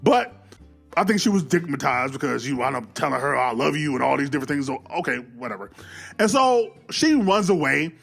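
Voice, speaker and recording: Guy ranting through a movie plot, high voice all over the place, soft music under him. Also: a little fast, vocal fry, breathy edge. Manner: animated, profane, acts out scenes. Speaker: film reviewer. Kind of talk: casual movie recap commentary.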